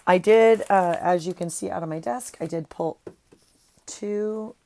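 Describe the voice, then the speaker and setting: With a fairly low, darkish voice and a measured pace, a craft vlogger makes relaxed conversation with viewers while working at her desk. The talk is friendly and rambling, captured on an earphone mic.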